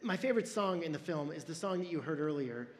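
A male pastor in his forties delivers an earnest sermon, mixing personal stories with self-deprecating humor. His voice sits high for a man. The sound carries the long reverb of a large hall. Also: animated, fast.

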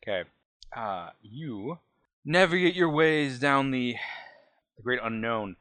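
A man narrating as game master for a tabletop game, loose and punning, with drawn-out phrasing. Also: medium pitch, lively intonation, a bit bright.

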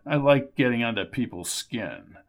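A man's voice: mid-range voice, lively intonation, moderate pace, pitched below the performer's own voice, natural voice. A man voicing an older, boastful schemer who needles everyone in a smug, self-important way. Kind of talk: audiobook character voice.

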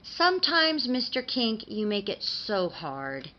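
A woman's voice: on the high side, sing-song, slow. A woman voicing a prim, earnest tooth fairy who scolds and then apologizes, on slightly dull audio. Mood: weary.

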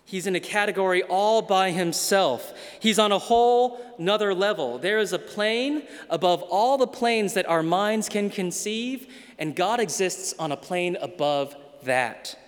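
A man preaching a sermon, slow and deliberate, with dramatic pauses and emphatic repetition. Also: high voice, lively intonation, smooth, long reverb tail. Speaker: pastor.

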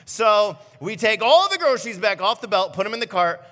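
Man, pastor, sermon, funny personal stories, bright, slightly high, long hall echo. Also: brisk, hardly any pauses. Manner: animated storytelling with self-mocking humor. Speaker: student pastor. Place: church auditorium.

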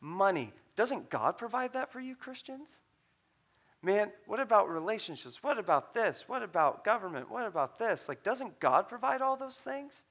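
Guy doing a blunt skeptic, pushy questions one after another, bright tone, highish voice. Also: animated. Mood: challenging. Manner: blunt, questioning, rapid-fire. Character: skeptical man challenging a pastor.

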